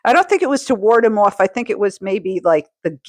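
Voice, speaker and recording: Female podcast co-host, mid pitch, laid-back conversational delivery, dry room. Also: sing-song, no room sound. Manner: laid-back, laughs often, halting restarts. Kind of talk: casual chat recapping a TV episode.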